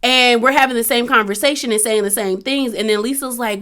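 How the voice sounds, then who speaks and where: Sassy animated woman recapping. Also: fairly high pitch, fairly quick, hardly any pauses. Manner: animated, sassy, acts out quotes. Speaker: reality TV recap host. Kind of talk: casual recap commentary.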